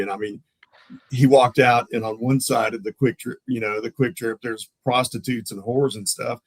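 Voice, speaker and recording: Older man, ex-cop storyteller, dry close sound, middling pitch. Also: normal speed, no echo, rough recording. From Tulsa, Oklahoma. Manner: animated, acts out others' voices in his stories; laughs often mid-story. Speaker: guest, former police officer. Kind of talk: casual storytelling chat.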